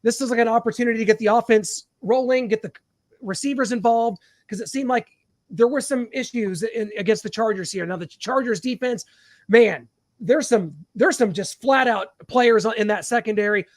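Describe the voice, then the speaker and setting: Male podcast host, very high voice, animated emphatic banter, dry close sound. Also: normal speed, no echo. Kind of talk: casual sports chat.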